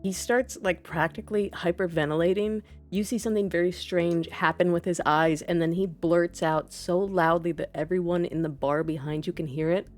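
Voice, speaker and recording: A woman's voice: fairly low pitch, fairly even intonation, moderate pace, hardly any pauses, a little mellow, faint music behind. A woman narrating a tabletop game as game master, describing scenes vividly in the second person.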